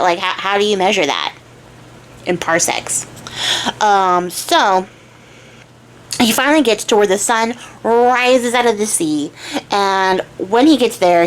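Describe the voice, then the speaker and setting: A woman's voice: medium pitch, rough recording. A young woman hosting a crafting channel, telling a folk tale in a chatty, casual way with frequent fillers. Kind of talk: casual storytelling.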